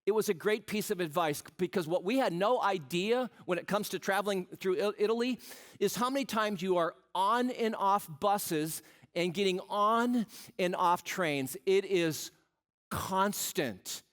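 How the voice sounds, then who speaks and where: High-voiced pastor preaching. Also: male voice, unhurried, a bit bright. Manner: storytelling, humorous asides, asks the crowd questions. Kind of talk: sermon.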